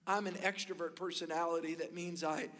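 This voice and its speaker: A male pastor preaching a sermon, telling stories with animated delivery and building to emphatic peaks. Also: on the high side, fairly quick, big-room sound.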